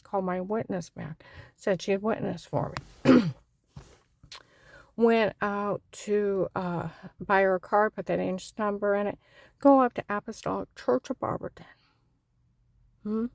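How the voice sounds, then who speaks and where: A woman's voice: medium pitch, gravelly, darkish tone, no echo. A woman giving a rambling, fragmented personal testimony.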